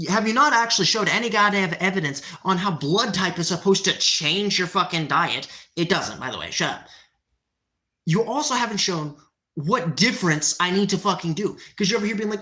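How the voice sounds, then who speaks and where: A woman's voice: on the low side, sing-song, moderate pace, bright, forceful tone. Fired-up, profane woman ranting at chat. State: winded from exercise. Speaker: livestreamer. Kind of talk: livestream chat while working out.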